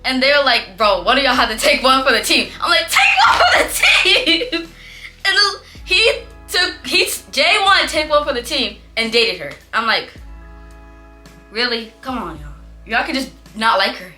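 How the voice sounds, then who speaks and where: A young woman tells a story in a chatty, animated way, acting out what her classmates said in playful voices. Her voice is bright and on the high side, and it swings up and down a lot. Faint music plays behind her. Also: normal speed. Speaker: vlogger. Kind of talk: casual storytelling.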